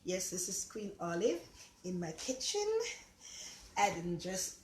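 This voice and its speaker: An older Jamaican woman hosts a casual cooking vlog from her home kitchen, chatting in a rambling, affectionate way. Her voice is lowish, sing-song and a little mellow, and she speaks slowly. The kitchen sounds echoey, with a faint hiss or hum.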